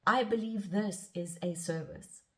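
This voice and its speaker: Reflective middle-aged woman rambling softly. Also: mid-range voice, a little slow. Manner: rambling and self-searching, with restarts. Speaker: spiritual guide and podcast host. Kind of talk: reflective spiritual monologue.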